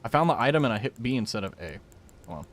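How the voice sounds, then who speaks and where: A young man chats loosely with his stream while playing, joking and rambling between reactions to the game. His pitch swings dramatically from low mutters to high yelps. A faint hiss sits under the recording. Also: big pitch swings, very fast. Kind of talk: casual gaming stream chat.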